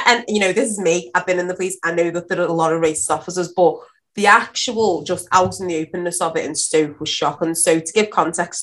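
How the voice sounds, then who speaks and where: A woman from the UK in casual conversation as a podcast guest, telling stories with animated energy and laughter, her voice jumping high when she exclaims.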